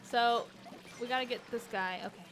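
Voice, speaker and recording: A woman's voice: fairly high pitch, normal speed. A woman hosting a charity game stream, directing her team, reading donations and swearing freely. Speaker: stream host. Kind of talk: casual chat while gaming.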